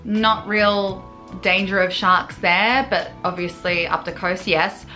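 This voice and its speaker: Bright-voiced exasperated Australian woman vlogger. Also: mid-range voice, slow pace, faint music behind. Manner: animated and exasperated, with sarcastic asides. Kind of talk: ranting to camera.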